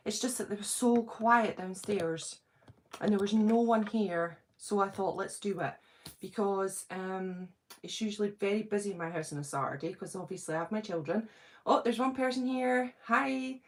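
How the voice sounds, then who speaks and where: A middle-aged British woman hosting a casual livestream, nervous and excited, chatting and greeting viewers by name. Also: on the high side, normal speed, slight background noise. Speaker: channel host doing a livestream.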